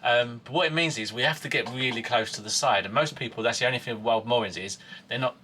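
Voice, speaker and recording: A man's voice: medium pitch, fast, sharp tone, slight background noise. A middle-aged man chatting casually as a vlogger, stumbling over restarts and laughing easily. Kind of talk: casual chat.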